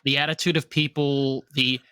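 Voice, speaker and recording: A podcast co-host with a thick New York accent swaps stories in casual, unfiltered chat. He pounds on his points with a blunt, emphatic delivery and a mid-pitched voice. The sound is dry and close, with no room around it. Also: level tone, normal speed, pushed and bright, clear, resonant tone, dry recording. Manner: blunt, emphatic storytelling with swearing.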